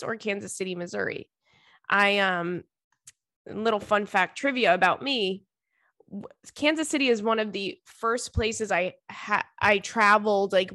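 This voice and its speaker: A woman's voice: mid-range voice, fairly bright tone, no echo, studio quality. A woman podcast host and comedian giving casual advice, chatty and blunt, swearing freely and laughing often.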